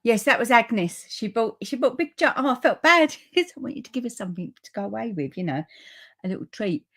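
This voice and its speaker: A woman with a fairly high, bright voice runs a live crafting stream from upstairs at home, speaking expressively and fairly quickly. As she demonstrates papercraft, she chats in friendly tangents and reads viewer comments out loud.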